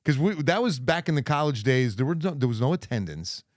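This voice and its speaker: A man's voice: medium pitch, fairly quick, no echo, studio quality. A middle-aged man from New Jersey, a TV meteorologist and guest, telling stories in a casual podcast chat and acting out the people he quotes, with a neutral accent. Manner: lively storyteller, acts out quoted people.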